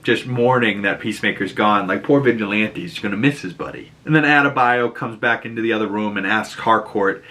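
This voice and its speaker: Bright-voiced chatty man with a Boston accent. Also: fairly low pitch, brisk, hardly any pauses. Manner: chatty, filler-heavy retelling with animated quoted lines. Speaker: show reviewer. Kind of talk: casual episode breakdown.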